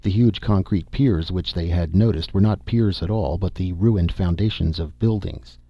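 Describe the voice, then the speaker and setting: Husky male audiobook narrator, steady delivery, close and dry. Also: deep voice, normal speed, no echo. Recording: dull dry recording.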